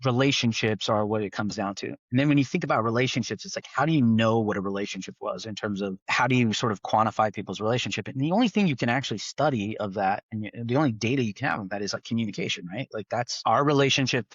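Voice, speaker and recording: A man's voice: lowish voice, fast, few pauses, fairly bright tone, no echo. Chatty man with restarts, dry dull sound. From East Bay, California. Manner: rambling, frequent restarts and "right?" tags. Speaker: tech founder guest. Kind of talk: casual podcast conversation.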